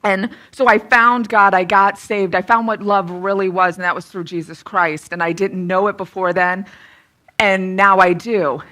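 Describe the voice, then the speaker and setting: A woman in her thirties sharing a candid personal testimony and teaching from the Bible, lively and self-deprecating. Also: mid-range voice, normal speed. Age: 30s. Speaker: speaker giving a testimony.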